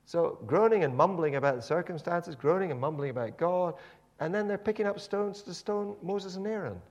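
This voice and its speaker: A man's voice: high voice, lively intonation, normal speed, darkish tone. A man preaching a sermon, telling the story animatedly with many repeated words and restarts.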